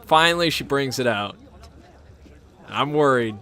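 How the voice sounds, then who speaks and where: A man's voice: mid-range voice, animated, measured pace, pushed and bright. A man hosting his channel, telling a rambling, amused anecdote in a casual way. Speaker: channel host. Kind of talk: casual storytelling.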